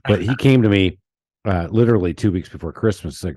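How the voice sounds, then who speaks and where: A deep-voiced man with a Southern US accent hosts a casual podcast. He rambles through stories with restarts and frequent laughter. The sound is dry and close. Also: fast, warm tone, slightly rough, no room sound. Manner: chatty storyteller, laughs often, lots of restarts. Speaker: podcast host. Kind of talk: casual chat.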